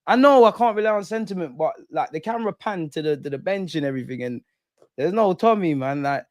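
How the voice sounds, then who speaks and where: A man's voice: a little high, lively intonation, quick pace, dry recording. A young man hosting a live football watch-along, reacting passionately with slang, banter and frequent swearing. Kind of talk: live match reaction commentary.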